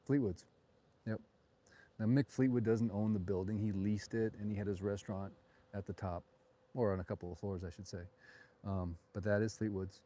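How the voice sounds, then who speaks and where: A man's voice: lowish voice, steady tone, normal speed, mellow. A middle-aged man hosting a live walking tour at night, chatting and digressing as he goes, recorded on a phone outdoors. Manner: rambling, digressive, chatty asides. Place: outdoors on a town street at night.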